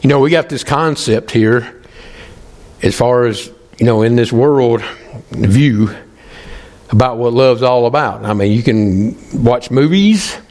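A male pastor, preaching emphatically, slowing and pausing for stress. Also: medium pitch, a little mellow. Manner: emphatic, pleading with pauses. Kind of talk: sermon.

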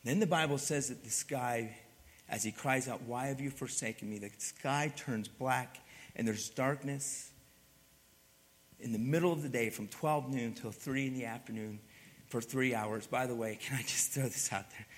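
A male pastor delivers an impassioned sermon in a mid-pitched voice. He swings between forceful, climbing emphasis and quiet, heavy passages. His words trail off into the long reverb of a large hall. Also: normal speed. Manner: swings from loud emphatic build-ups to hushed, low passages.

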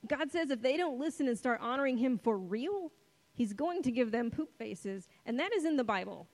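A woman preaching a sermon in a conversational, playful way, slowing for dramatic pauses on key words. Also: high voice, animated, low-quality recording.

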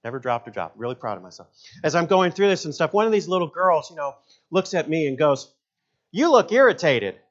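A man's voice: fairly high pitch, lively intonation, fast talker. Middle-aged guy pastor preaching, folksy, tells jokes and stories, kinda dull sound. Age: 50s. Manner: folksy storytelling with jokes and asides. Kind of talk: sermon.

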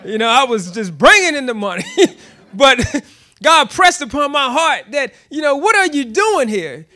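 High, bright-voiced man preaching. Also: moderate pace. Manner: laughs often, animated storytelling, many restarts. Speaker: pastor. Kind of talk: sermon.

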